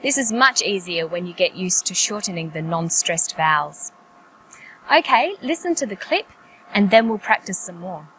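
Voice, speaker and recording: A woman narrating an English pronunciation lesson in a clear, careful, explanatory way. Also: fairly low pitch, very animated, moderate pace, fairly bright tone, slight background noise, low-quality recording. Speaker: English teacher.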